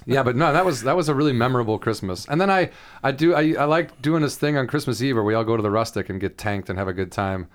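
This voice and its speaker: A man's voice: medium pitch, lively intonation, fast. Rambling man, casual chat. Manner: rambling storyteller, repeats words while talking. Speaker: podcast co-host.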